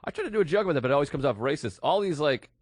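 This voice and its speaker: A man co-hosting a comedy podcast, telling stories in casual chat and breaking into loud, shouted impressions. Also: a little high, racing, dry recording, clean studio sound. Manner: animated storyteller, bursts into loud shouted impressions. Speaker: podcast co-host. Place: New York apartment recording.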